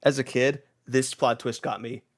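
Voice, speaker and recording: A young man hosting a casual review chat, retelling a game's story with lively acted-out snatches of dialogue. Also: medium pitch. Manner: animated, acts out characters in quick snatches, many restarts. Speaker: game reviewer. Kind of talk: casual podcast chat, retelling a game plot.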